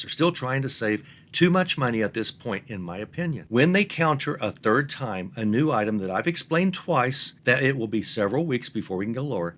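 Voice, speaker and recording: A man's voice: mid-range voice, a bit bright. A middle-aged man, giving an earnest step-by-step lesson on reselling. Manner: plain, earnest, explains step by step. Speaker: online reselling instructor. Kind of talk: instructional talk to camera.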